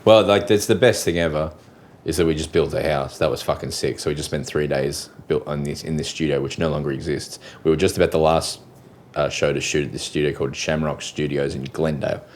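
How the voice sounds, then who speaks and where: An Australian comedian telling a story in casual chat, rambling and swearing freely. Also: male voice, extremely low pitch, steady tone, brisk, slight background noise.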